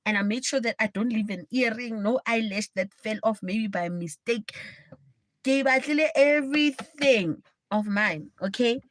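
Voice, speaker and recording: A woman's voice: on the high side, moderate pace, no room sound. A young woman with a South African accent, hosting a livestream and telling a story bluntly and dramatically. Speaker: livestream host. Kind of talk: casual storytelling.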